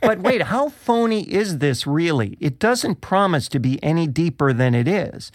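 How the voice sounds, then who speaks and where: A man's voice: a little high, big pitch swings, moderate pace, no room sound, clean studio sound. A man co-hosting a discussion, asking probing questions and laughing easily. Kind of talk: conversational discussion.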